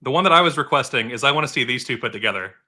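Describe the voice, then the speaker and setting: A man's voice: medium pitch, animated, pushed and bright. A man co-hosting a livestream in playful, casual chat, his voice giving out and interrupted by coughs. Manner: playful, quick to laugh, coughing. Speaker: co-host.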